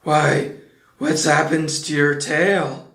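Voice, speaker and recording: A man doing a kindly, simple-minded bear with a slow, growly voice. He talks in a deliberate, unhurried way. The room sounds roomy. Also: a little high, fairly even intonation, gravelly, fairly bright tone, exaggerated voice. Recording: roomy echo.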